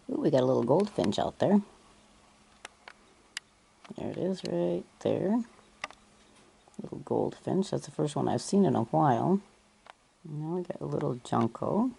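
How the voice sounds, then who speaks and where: A woman from Northern Michigan with a rough morning voice, chatting casually outdoors and pointing things out to the viewer as she films on a phone. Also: low voice, dark tone, a little hiss or hum. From Northern Michigan, USA. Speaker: vlogger. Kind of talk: casual handheld vlog narration. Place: outdoors in a yard, wind and trees.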